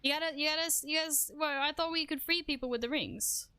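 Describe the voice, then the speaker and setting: Bright-voiced excitable woman streamer. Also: high voice, brisk, dry recording. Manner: excitable, swears, self-deprecating outbursts. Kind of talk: live gameplay commentary.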